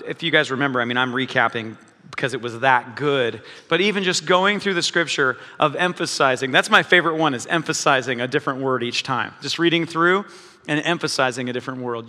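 A man's voice: medium pitch, pushed and bright, long reverb tail. A man preaching a sermon in a conversational way, with many fillers and restarts. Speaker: pastor.

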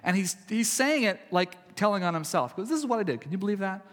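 A male pastor preaching a sermon in a conversational way, swinging from loud emphasis to hushed, quiet passages. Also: high voice, animated, fast, big-room sound.

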